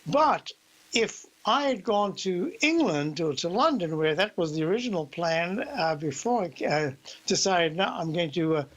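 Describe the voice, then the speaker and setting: Older south african guy doing market commentary, talks slow and rambles a bit. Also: high voice, lively intonation, a bit bright, low-quality recording. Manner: rambling, conversational, explains slowly. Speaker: radio show host, market technician.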